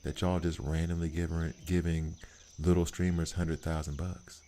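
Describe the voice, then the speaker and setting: Deep-voiced male streamer, casual and emphatic, animated storyteller. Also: moderate pace. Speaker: gaming streamer. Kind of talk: casual chat while streaming a game.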